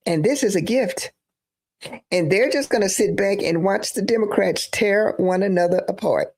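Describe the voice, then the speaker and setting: A woman's voice: medium pitch, moderate pace, darkish tone, husky. A woman giving emphatic live-stream political commentary, repeating phrases for emphasis.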